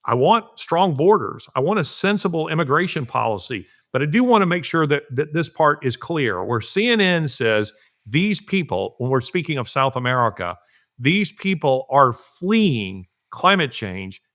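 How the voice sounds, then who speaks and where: Very animated and a little high in pitch, a middle-aged man's fairly bright voice carries his storytelling as a podcast guest commentator. He talks earnestly and emphatically at a moderate pace in casual conversation, dramatizing the quotes.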